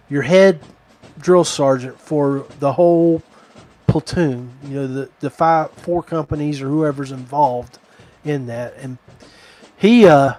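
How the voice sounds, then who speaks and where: A man's voice: on the high side, darkish tone. Rambling man telling a story. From West Virginia. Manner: rambling, digressive. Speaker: podcast host. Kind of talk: casual storytelling.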